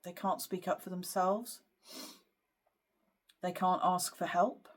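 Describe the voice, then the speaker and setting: A woman's voice: fairly low pitch, fairly even intonation, slow. A woman psychic giving a spiritual card reading to camera, speaking earnestly and hesitantly with frequent fillers. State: emotional at times. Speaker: psychic medium.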